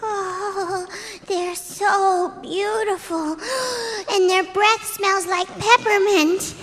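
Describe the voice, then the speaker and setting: Sweet earnest cartoon girl, high bright voice, echoey room. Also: steady tone, extremely slow, exaggerated voice. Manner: earnest, gushing. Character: earnest clever young girl. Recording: roomy reverb, faint hiss.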